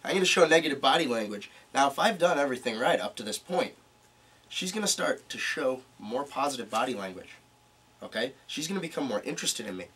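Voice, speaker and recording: A man presenting a live seminar to a small group, animated as he demonstrates different speaking tones. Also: mid-range voice, a little fast, slightly rough. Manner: animated, demonstrates vocal tones while explaining. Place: meeting room. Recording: distant mic with faint room noise.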